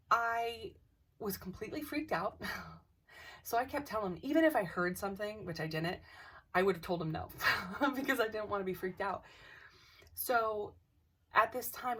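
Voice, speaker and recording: A woman's voice: medium pitch, normal speed, breathy edge, recorded from a distance. A woman casually telling a personal ghost story to camera, rambling and acting out what people said. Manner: animated, rambling, acts out quotes.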